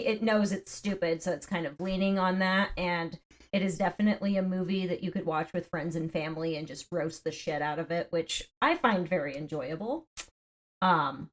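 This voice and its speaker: A woman co-hosting a horror podcast, chatting casually in a playful, teasing way. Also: fairly low pitch. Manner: playful, teasing, laughs often. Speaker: podcast co-host. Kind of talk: casual chat.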